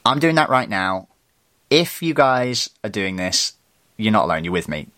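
A man's voice: lowish voice, very animated, normal speed, pushed and bright. A young man hosting a solo motivational podcast, telling a personal story in a candid way and speaking straight to his listeners. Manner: candid, storytelling, addresses listeners as "you guys". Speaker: podcast host.

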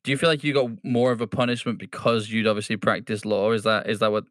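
A man's voice: on the low side, level tone, fast, a bit bright. A man interviewing a guest in a casual way, asking probing, loosely phrased questions.

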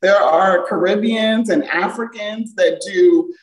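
A woman's voice: medium pitch, slow pace, echoey room, rough recording. A woman from Jamaica with an American accent, speaking candidly as a guest in a casual conversation. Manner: candid, chatty, trails off with fillers.

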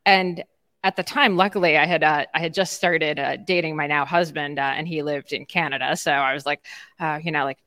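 Chatty woman host, low dry voice. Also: steady tone, fairly quick, fairly bright tone, no room sound. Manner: conversational, frequent fillers, self-deprecating. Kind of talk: casual interview chat.

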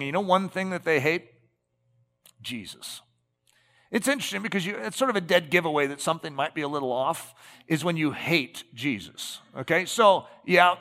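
A man with a somewhat high, bright, forward voice delivers a sermon in a chatty style. He keeps turning to the congregation with quick tag questions. His words trail off into the long reverb of a large hall. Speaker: preacher.

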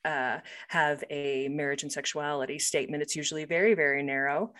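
A woman's voice: low-pitched, steady tone, a little fast, a bit bright. A middle-aged woman, a guest author, speaking in an earnest, reflective way in a casual chat.

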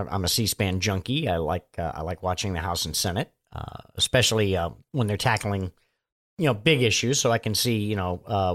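A man's voice: fairly low pitch, fairly bright tone. A man giving a casual, sardonic monologue of political commentary, rambling with lots of fillers and restarts.

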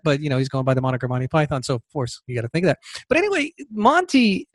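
A man's voice: mid-range voice, big pitch swings, fast talker, no room sound, clean studio sound. A man hosting a podcast who talks casually and rambles, repeating words and going off on tangents. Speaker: podcast host.

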